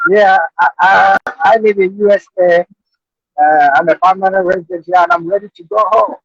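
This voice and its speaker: A male caller with a high, gravelly, husky voice, speaking bluntly and in a hurry. The sound is dry and muffled, like a lo-fi call line. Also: lively intonation, moderate pace, a bit bright, no echo. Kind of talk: call-in comment.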